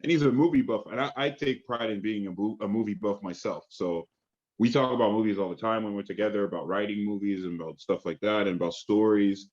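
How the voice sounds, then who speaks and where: A man's voice: fairly low pitch, fast talker, darkish tone. Man, actor guest, eager and chatty, muffled lo-fi sound. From Canada. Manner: enthusiastic, lots of fillers and restarts. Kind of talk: casual interview chat.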